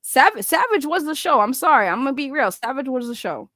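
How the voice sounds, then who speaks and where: A woman's voice: high-pitched, sing-song, brisk, fairly bright tone, no echo. Rambling, foul-mouthed young female host, dry close sound. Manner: rambling, chatty, swears freely. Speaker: commentary channel host. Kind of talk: casual reaction commentary.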